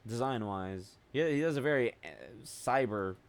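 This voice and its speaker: A man's voice: mid-range voice, lively intonation, normal speed, background noise. A man in a mid-range voice talks casually over game footage. He rambles and muses aloud, trailing off into fillers and throwing in the occasional offhand swear word. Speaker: gaming video creator.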